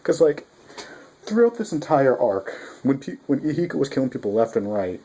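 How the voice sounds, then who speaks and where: A man giving a casual spoken manga review, rambling and excitable, with frequent restarts and swearing. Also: mid-range voice, normal speed, breathy edge.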